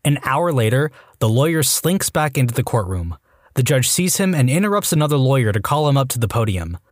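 A man reading out online stories as a scripted narration, with a lively storytelling delivery. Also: medium pitch, brisk, no room sound, clean studio sound.

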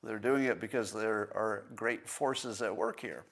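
A man's voice: on the low side, unhurried, a bit bright. Man talking through an argument. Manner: conversational, thinks aloud with restarts and small laughs. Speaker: livestream host. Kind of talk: casual political commentary.

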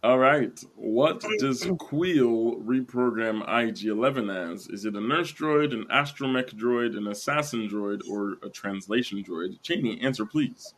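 A man's voice: mid-range voice, unhurried, hardly any pauses. A young man hosting a casual trivia show, reading out questions and teasing his contestant. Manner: jokey, teasing, reads questions aloud. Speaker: quiz show host. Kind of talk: casual podcast quiz hosting.

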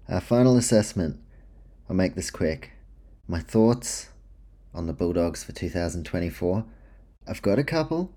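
A low, mellow-voiced man hosts a solo sports podcast in a loose, chatty way. He rattles through lists of names, jokes at his own expense and complains of a dry mouth. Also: expressive, normal speed, long pauses. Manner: chatty, self-deprecating, runs through name lists. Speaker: podcast host.

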